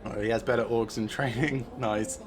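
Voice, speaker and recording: A man talks through a strategy game as he streams it, mid-pitched and unhurried. He thinks aloud, stopping often on "uh" and "um" as he weighs each option. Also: fairly even intonation, noisy background. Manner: thinks aloud with many filler pauses. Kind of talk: casual gameplay commentary.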